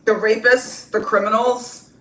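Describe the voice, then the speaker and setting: A woman's voice: a little high, fairly even intonation, a little slow, fairly bright tone, echoey room, voice pushed up. A woman voicing a blustering, boastful male politician impression, bragging in a bombastic way.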